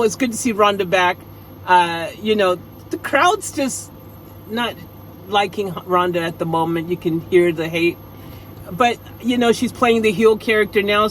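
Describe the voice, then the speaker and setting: A wrestling show recapper in casual chat, speaking at a mid pitch. The talk is slangy and rambling, full of jokey tangents, with faint noise in the background. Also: low-quality recording.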